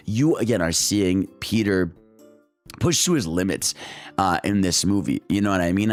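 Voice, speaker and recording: Deep-voiced young man, excited rambling review. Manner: excited, rambling, heavy filler words and slang. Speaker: movie reviewer. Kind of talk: casual enthusiastic movie review.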